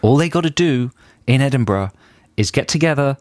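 A man co-hosting a comic radio show with dry, deadpan jokes. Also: mid-range voice, fairly quick, dry recording. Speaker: radio host. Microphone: studio microphone.

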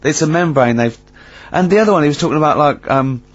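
A man's voice: fairly high pitch, expressive, quick pace. Chatty male radio host, muffled. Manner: chatty storyteller, laughs often, many fillers. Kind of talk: casual radio banter.

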